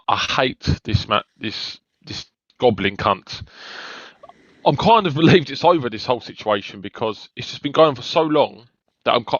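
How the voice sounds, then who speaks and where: A man's voice: lowish voice, a bit bright, dry recording. Co-host, indignant, stumbles over his words, dry, dull audio. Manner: indignant, stumbles and restarts when worked up. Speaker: fan channel co-host. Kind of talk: heated football fan discussion.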